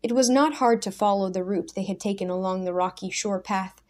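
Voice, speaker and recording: A woman narrating a storybook in a measured, soft-spoken reading. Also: medium pitch. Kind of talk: scripted audiobook narration.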